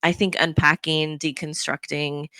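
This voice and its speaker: A woman's voice: low-pitched, little pitch movement, unhurried, pushed and bright, no room sound. A woman co-hosting a podcast, chatting casually and telling stories with frequent laughs. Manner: chatty, laughs often, storytelling. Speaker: podcast co-host; youth soccer coach. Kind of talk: casual chat.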